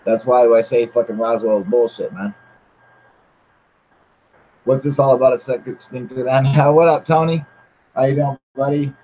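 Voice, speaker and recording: A man's voice: mid-range voice, steady tone, moderate pace, long pauses, dark tone. A man hosting a casual livestream, chatting with viewers in a blunt, heavily profane, rambling way. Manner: rambling with many fillers. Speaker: channel host. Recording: slightly muffled with faint hiss.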